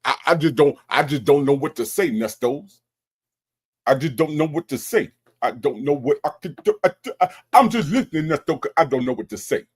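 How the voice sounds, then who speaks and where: Man mocking nervous stammerer, whiny and halting, pitched up. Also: animated, husky.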